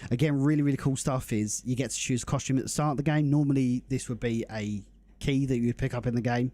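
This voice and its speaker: Young man, live-stream host, mellow voice, upbeat, casual chat with viewers. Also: mid-range voice. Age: young adult. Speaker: livestream host.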